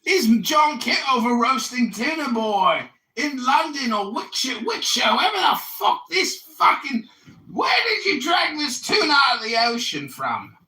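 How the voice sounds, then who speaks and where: A man in his forties hosting a livestream, shouting and mocking the other speaker with profanity. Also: very high voice, sing-song, unhurried. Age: 40s. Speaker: livestream host, political candidate. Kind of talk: heated livestream argument. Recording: roomy echo, distant from the mic.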